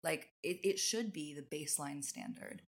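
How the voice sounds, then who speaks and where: Lower-voiced woman hosting a podcast. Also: normal speed. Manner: earnest, reflective, frequent restarts. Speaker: podcast host. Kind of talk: casual conversation.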